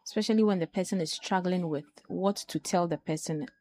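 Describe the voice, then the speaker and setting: Low-voiced woman explaining calmly. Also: brisk, a little hiss or hum. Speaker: guest speaker on mental health. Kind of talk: casual discussion panel.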